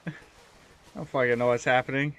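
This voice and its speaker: A man's voice: mid-range voice, fairly even intonation, fairly quick, fairly bright tone, faint music behind. A young man streaming while he chats, laid-back and swearing casually between laughs.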